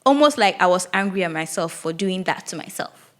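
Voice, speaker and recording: A woman's voice: lowish voice, expressive, brisk. A young woman, hosting a solo podcast and reflecting candidly aloud, with frequent restarts. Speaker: podcast host.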